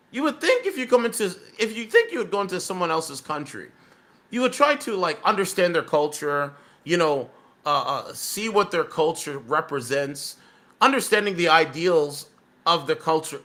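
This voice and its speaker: A man's voice: high-pitched, bright, forceful tone. A man giving rambling video commentary, often tagging his sentences with "right?". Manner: rambling, keeps asking "right?".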